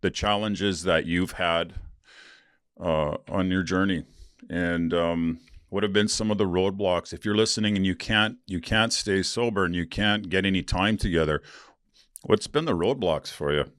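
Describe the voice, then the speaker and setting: A man's voice: sits low, moderate pace, fairly bright tone, clean tone, dry recording, studio quality. A man hosting a solo podcast, talking candidly in a rambling, casual way and laughing as he tells stories. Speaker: podcast host.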